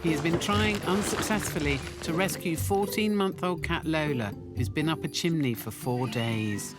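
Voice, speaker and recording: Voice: mid-range voice, normal speed. A documentary narrator with a playful, punning delivery, reading a scripted voice-over. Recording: voice-over with loud music bed.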